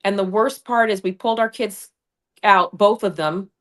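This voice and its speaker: A woman's voice: medium pitch, normal speed, fairly bright tone. Fiery, combative woman on a livestream. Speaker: congressional candidate. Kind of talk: livestream guest interview. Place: home studio over streaming video call. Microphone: remote streaming mic.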